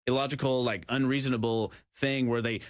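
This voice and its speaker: Male co-host, mid pitch, animated and laughing, very dry studio sound. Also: fairly quick, no room sound. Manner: animated, laughs often, mocking asides. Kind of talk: casual political talk.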